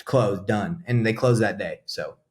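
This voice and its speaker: A young real estate investor from Atlanta, USA, appears as a podcast guest and tells a story in casual talk. He animatedly acts out what people said, swinging lively between voices, in a lowish, unhurried voice with slight background noise.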